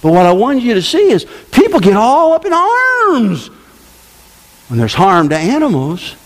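A man preaching a sermon to his congregation, with conversational asides, dropping to low murmurs and rising to loud exclamations. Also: huge pitch swings, unhurried. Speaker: pastor.

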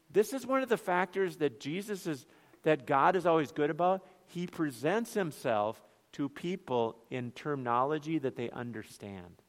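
A man's voice: on the high side, long reverb tail. A man with a Northern Minnesotan accent preaching a sermon as pastor, conversational, with rhetorical questions and joking asides. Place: church.

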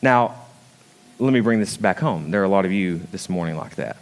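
A male pastor preaching a sermon, emphatic, swinging between loud high peaks and quiet low asides and putting questions straight to the congregation. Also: expressive, brisk. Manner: emphatic preaching with big swings in pitch and loudness; calls out and questions the congregation directly.

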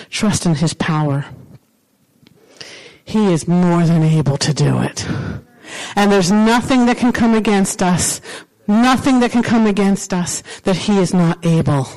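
A woman's voice: fairly low pitch, unhurried, dark tone, low-quality recording. Emphatic woman preaching a sermon.

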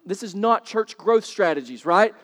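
A man with a fairly high voice preaches from the pulpit, firing rhetorical questions at the congregation. He swings from quiet explanation into loud, emphatic bursts. His voice rings out with the long reverb of a church sanctuary. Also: lively intonation, normal speed. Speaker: pastor. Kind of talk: sermon.

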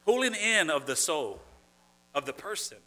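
A man's voice: fairly high pitch, very animated, moderate pace, pushed and bright. A man preaching a sermon, earnest and conversational, who often restarts phrases and builds to emphatic points. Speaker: pastor.

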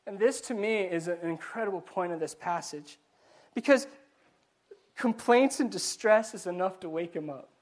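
A man giving a conversational sermon to a live congregation, animated and questioning the audience, often stumbling and repeating words. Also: high-pitched, moderate pace. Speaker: pastor. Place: church before a live congregation.

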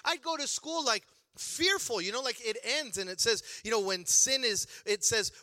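A high-pitched man in his forties preaches in an animated, humorous storytelling style. His voice is very bright and forceful. The sound is dry and close. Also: normal speed, no room sound. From Chicago area, USA. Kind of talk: storytelling sermon.

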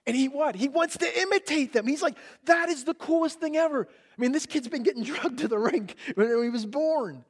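A middle-aged male pastor giving a sermon and telling a lively family story, loudly acting out his small son's shouts. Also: very high voice, fairly quick, few pauses, breathy edge.

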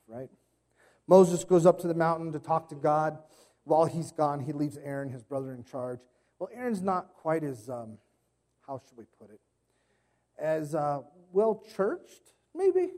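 A man's voice: on the high side, dark tone. A man in his thirties, a pastor giving a sermon, telling stories in a casual, conversational way with playful impressions.

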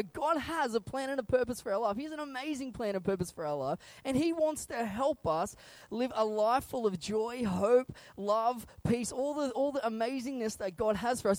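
A pastor gives a conversational sermon, animated and chuckling often between thoughts. The sound is dry and close. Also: mid-range voice, fairly quick, hardly any pauses, no room sound.

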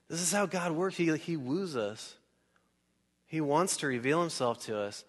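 Fairly high-pitched and at a normal pace, this male pastor delivers a sermon in a church hall, where long hall reverb trails his words. He keeps it lively and conversational, quizzing the congregation and playing out small scenes.

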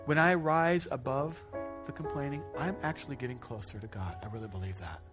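A pastor preaching a sermon to a congregation, joking and self-deprecating with animated asides. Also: male voice, medium pitch, fairly quick. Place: church stage before a congregation. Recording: music playing behind the speaker.

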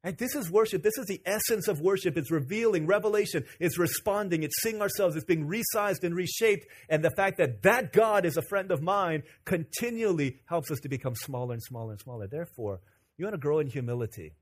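A man preaching a sermon as pastor, telling stories in an animated, joking way. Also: fairly high pitch, fairly quick.

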